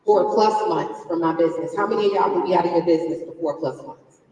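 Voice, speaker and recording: A woman's voice: fairly low pitch, fast talker, dark tone. Woman speaking in an echoey hall. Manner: conversational, quizzes the crowd, emotional personal story. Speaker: conference speaker. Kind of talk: motivational business talk to a live audience. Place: large conference hall stage. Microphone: distant from the recording mic. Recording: echoey hall captured from far off.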